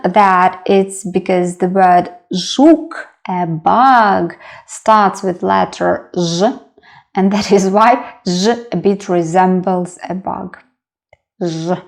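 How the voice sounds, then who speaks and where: Woman teacher, Russian accent, very slow and patient delivery, repeats every sound. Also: mid-range voice, creaky. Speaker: language teacher. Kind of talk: slow beginner lesson.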